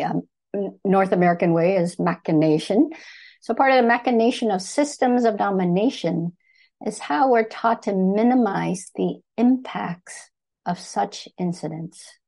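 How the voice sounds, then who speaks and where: An older woman from Thailand reading her personal essay aloud to an audience in a measured, deliberate way, pausing to correct herself now and then. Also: mid-range voice, vocal fry, darkish tone.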